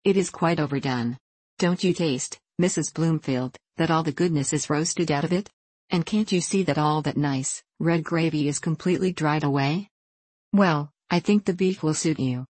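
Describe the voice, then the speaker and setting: A reader voicing a fussy, querulous gentleman in his thirties who complains dolefully about his dinner. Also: mid-range voice, moderate pace, slightly rough, dry recording, lightly acted. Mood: complaining.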